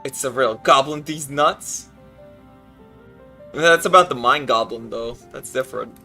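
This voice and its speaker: A man's voice: mid-range voice, a little slow, bright, forceful tone, soft background music. A man streaming a game, chatting casually and ad-libbing jokes over it. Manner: jokey, ad-libbing, breaks into laughter. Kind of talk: casual gaming stream chat.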